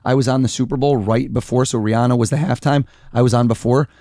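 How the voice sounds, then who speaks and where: A man from the United States, a mentalist guest, talking in a casual interview in a lively, animated way. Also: medium pitch, fast talker. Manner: energetic, animated, acts out quoted voices.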